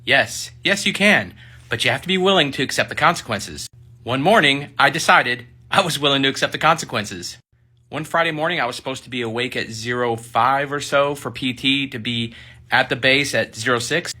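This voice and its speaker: A man, a military service member, casually telling a personal story in an animated way, acting out the people he quotes. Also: medium pitch, normal speed. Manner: animated, acts out quoted voices.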